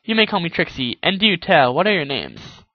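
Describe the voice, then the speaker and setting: A man's voice: a little high, very animated, fairly quick, dry recording, highs cut off. A man voicing a boastful, theatrical unicorn mare who speaks of herself in the third person. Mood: showy.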